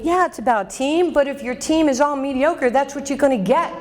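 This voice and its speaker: A woman's voice: high voice, fairly quick. Emphatic woman giving a motivational keynote. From New York. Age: 50s. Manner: emphatic, direct, calls out audience members. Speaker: keynote speaker. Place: banquet hall at a luncheon. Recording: echoey banquet hall.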